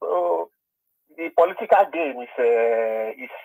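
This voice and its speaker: Here is a hesitant man calling into a show, his lively, husky voice squeezed through a tinny phone line. He keeps stumbling over and repeating his words while he gives his views. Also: fairly high pitch, a little slow. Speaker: caller.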